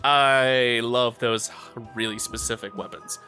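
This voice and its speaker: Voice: mid-range voice, fairly even intonation, takes it slowly, pushed and bright, soft background music. A speaker in casual chat about designing a tabletop game class, playful and laughing often. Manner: playful, laughing, riffs into silly voices.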